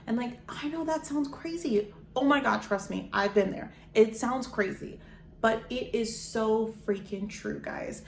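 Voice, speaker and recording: A woman's voice: fairly high pitch, measured pace, vocal fry, reverberant, a little hiss or hum. A woman vlogging in a casual, effusive chat to camera, full of "like" and "guys". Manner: chatty, effusive, lots of "like" and "guys". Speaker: lifestyle vlogger.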